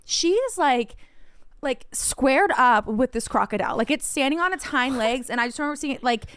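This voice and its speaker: A young woman co-hosting a podcast, telling a long story in casual chat, animated, swearing often and filling her talk with "like". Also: sits high, normal speed, clear, resonant tone. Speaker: podcast co-host.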